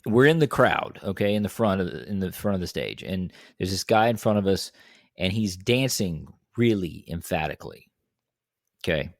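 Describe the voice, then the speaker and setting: A young man tells a story on a podcast, his pitch swinging widely as he jumps into the voices of the people in it. The sound is dry and close, with no room around it. He talks casually and keeps the story moving. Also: moderate pace, creaky, no echo. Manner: animated, acts out quotes in a higher voice. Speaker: podcast co-host.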